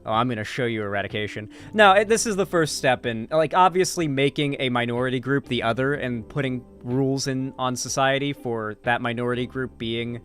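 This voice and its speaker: A man's voice: medium pitch, steady tone, moderate pace, hardly any pauses, a bit bright, faint music behind. A man doing livestream reaction commentary, talking casually, profanely and rambling to his chat. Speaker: streamer and political commentator.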